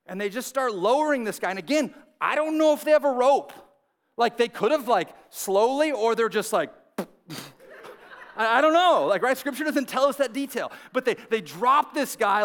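A man preaching a sermon, telling the story in a lively, conversational way, acting out the characters and often asking "right?". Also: high-pitched. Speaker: pastor. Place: church service with several campuses.

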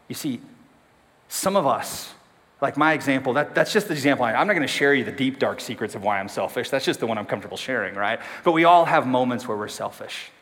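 A man's voice: mid-range voice, expressive, fast, fairly bright tone. A man preaching a casual, self-deprecating sermon, asking the congregation questions. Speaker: pastor. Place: church sanctuary. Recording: long hall reverb.

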